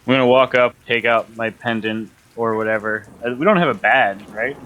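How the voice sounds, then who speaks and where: A man's voice: medium pitch, moderate pace, a bit bright, a little hiss or hum. A man playing a tabletop role-playing game, casual and wry, half in character. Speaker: player.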